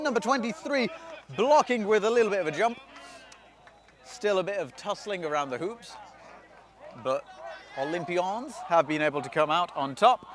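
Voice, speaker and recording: A man giving solo live play-by-play commentary beside an outdoor pitch, chatty and self-deprecating, often losing track of team names. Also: moderate pace, a bit bright. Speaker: sports commentator.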